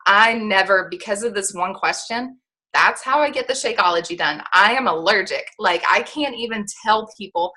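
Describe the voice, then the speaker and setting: Bright, chatty young woman coaching. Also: mid-range voice, normal speed. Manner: animated, chatty, lots of "like" and "okay?". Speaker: sales coach on a team call. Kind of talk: coaching talk on a call.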